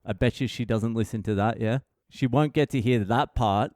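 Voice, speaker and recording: A man's voice: medium pitch, normal speed, a little mellow, no room sound, studio quality. A man hosting a comedy podcast in a casual, profane, self-mocking monologue, acting out what others said. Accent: Australian.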